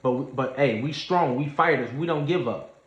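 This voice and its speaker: A man telling a story in a casual livestream, animated and slangy, acting out what others said. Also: medium pitch, moderate pace. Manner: animated storyteller, acts out quoted voices, Southern US slang. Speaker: trading streamer. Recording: echoey room, dull lo-fi sound.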